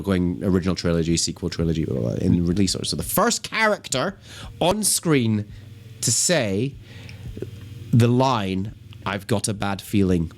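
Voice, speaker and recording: A man from Scotland, hosting a comedy quiz in a casual, rambling, animated way and swearing freely. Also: lowish voice. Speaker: quiz host.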